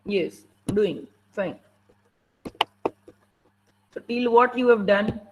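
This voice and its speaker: A woman's voice: medium pitch, extremely slow, muffled recording, noisy background. A woman teacher with an Indian English accent running an online class over a video call, strict and impatient as she prods students to answer.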